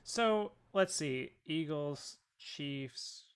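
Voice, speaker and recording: A man co-hosting a casual sports podcast, animated and ranting, swearing freely as he talks through a schedule. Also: fairly high pitch, extremely slow, smooth. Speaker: podcast co-host.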